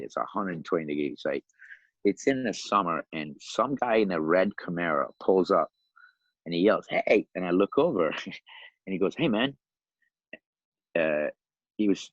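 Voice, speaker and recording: A man in his fifties from Iran, a podcast guest telling his life story in a lively, animated way, often laughing and acting out the voices of other people. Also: low voice, no room sound, lo-fi sound. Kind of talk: casual storytelling.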